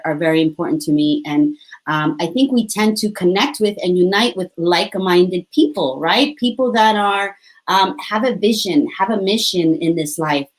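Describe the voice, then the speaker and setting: Emotional, upbeat woman hosting a livestream. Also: on the low side. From United States. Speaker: host. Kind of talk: live-streamed talk show.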